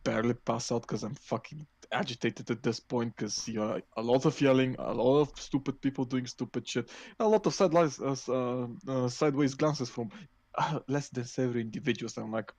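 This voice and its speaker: A man's voice: medium pitch, a little fast, no room sound. A man telling a long rambling story on a casual podcast, swearing freely and restarting his sentences. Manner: rambling, profane, animated storytelling. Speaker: podcast co-host.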